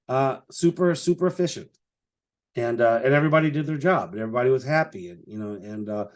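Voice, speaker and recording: A man hosting a solo business podcast in a casual, rambling way, filling his talk with "you know" and restarts and chuckling as he tells stories. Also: medium pitch. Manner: chuckles while telling stories. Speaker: podcast host, business owner.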